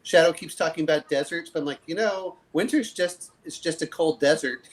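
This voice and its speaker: A man's voice: fairly high pitch, moderate pace, low-quality recording. A man from the southern US hosting a casual group chat, rambling, restarting his sentences and laughing often. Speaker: livestream host.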